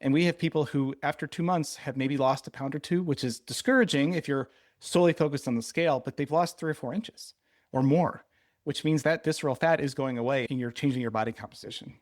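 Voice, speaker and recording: A man's voice: on the high side, brisk, no room sound, studio quality. A man co-hosting a podcast in casual chat, teasing his partner and explaining at length. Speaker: podcast co-host.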